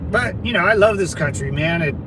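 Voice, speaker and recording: High-voiced rambling guy, noisy outdoors. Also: expressive, a little fast. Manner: loose, rambling, slangy, calls viewers brother. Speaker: livestream host. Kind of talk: casual livestream chat reading viewer comments.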